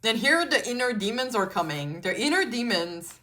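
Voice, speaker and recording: A native French speaker reads tarot in a casual pick-a-card format, chatty, with frequent swearing and loads of "like" and "you know." Her voice is a little high, pushed and bright, swinging widely in pitch at a moderate pace.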